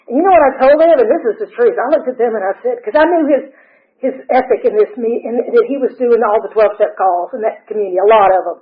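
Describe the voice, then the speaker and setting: A woman, speaking at a recovery meeting and telling her story with lively quoted dialogue and frequent laughs. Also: on the high side, fast. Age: 60s. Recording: tinny phone-line sound.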